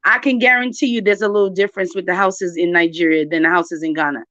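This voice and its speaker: A woman's voice: lowish voice, fairly even intonation, fast talker, a bit bright, dry recording. A woman, talking emphatically and directly to her viewers in a casual chat. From New York. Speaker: channel host. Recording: dry, dull lo-fi sound.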